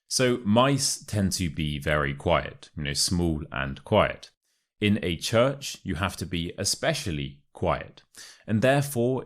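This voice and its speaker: A man with a modern Received Pronunciation English accent, giving a scripted English lesson in a clear, deliberate way and leaning on key words. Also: sits low. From United Kingdom. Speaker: English teacher. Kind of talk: scripted teaching monologue. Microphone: laptop recording setup.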